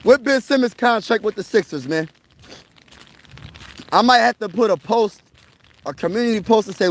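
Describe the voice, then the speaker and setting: Young male sports vlogger with a high voice, chatty and hyped, talking on the move outdoors. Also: moderate pace, long pauses. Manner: excitable, slangy, repeats himself. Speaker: sports vlogger covering his city's teams. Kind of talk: casual livestream chat. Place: outdoors on a snowy wilderness trail, walking.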